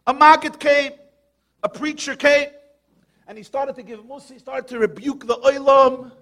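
A male rabbi delivers a Torah lecture with a strikingly high voice for a man. He tells stories and fires rhetorical questions at his listeners. He raises his voice to a shout to drive his points home. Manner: animated, shouts for emphasis, asks rhetorical questions.

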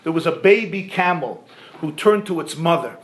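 A man preaching a sermon to a room as a rabbi, animated and rhetorical, swinging from soft asides to loud, emphatic peaks. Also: a little high, moderate pace.

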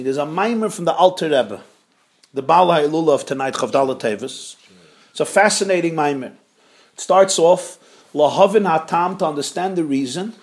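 A man giving an animated Hasidic Torah class, mixing with Hebrew and Yiddish terms. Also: high-pitched.

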